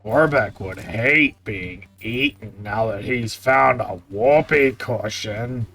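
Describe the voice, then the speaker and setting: A man voicing a male game character in a slow, deliberate drawl. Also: on the low side, a bit bright, voice pushed down, heavily acted. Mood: mock-solemn.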